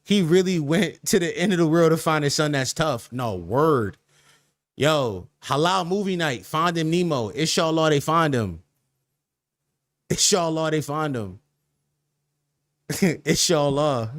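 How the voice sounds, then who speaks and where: A man's voice: on the high side, expressive, unhurried, no room sound, clean studio sound. A young man hosting a livestream podcast, talking loosely in slang and reacting to chat with laughs.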